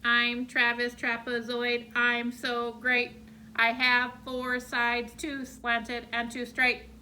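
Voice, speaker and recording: A stiff robot trapezoid chants its rhyme in slow, even chops, put on by a woman. The voice is bright and clear, pitched a little high. It marches through each word like a toy machine. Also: slight background noise, full character voice, low-quality recording. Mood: robotic chant. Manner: flat, evenly chopped robot chant.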